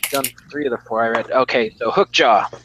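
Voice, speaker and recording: A man's voice: medium pitch, fairly even intonation, a little fast, muffled recording, background noise. Blunt, swearing man reviewing comics. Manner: blunt, swears freely, rambling. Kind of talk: casual live-stream chat.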